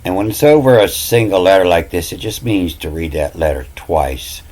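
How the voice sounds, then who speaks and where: Speaking at a normal pace, animated, in a low, darkish voice, this self-styled language teacher rambles through an explanatory lesson he taught himself. He spells out letters, repeats words, and says "you know" a lot. The audio is poor.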